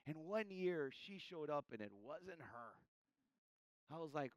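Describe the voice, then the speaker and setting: A male pastor delivers a sermon, his voice pitched a bit higher than most men's. He presses hard on key lines and then drops to a near hush. The sound is dry and close, with no room echo. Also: lively intonation, takes it slowly, clear, resonant tone. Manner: emphatic preaching, shifts between loud and hushed; addresses listeners as church.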